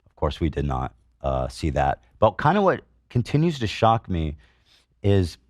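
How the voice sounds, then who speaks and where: A man with a very low voice works through online posts as a podcast host, answering each with blunt, profane outrage. His delivery is full of ums and restarts. The sound is close and dry, with no room around it. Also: huge pitch swings, a little slow, a little mellow, no room sound. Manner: heated, profane and indignant, with frequent fillers. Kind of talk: commentary reading out online posts.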